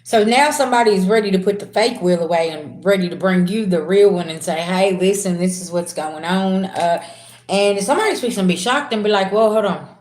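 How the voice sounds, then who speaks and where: A woman reading tarot on a live stream, slangy and chatty, calling her viewers "babies" and swinging from low murmurs to loud, excited bursts. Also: fairly quick. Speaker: tarot reader. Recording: roomy echo.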